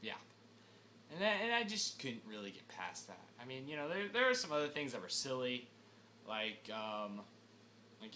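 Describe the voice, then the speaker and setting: A young man ranting through a film review, exasperated and animated, breaking into sudden shouts. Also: medium pitch, slight background noise. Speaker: movie reviewer.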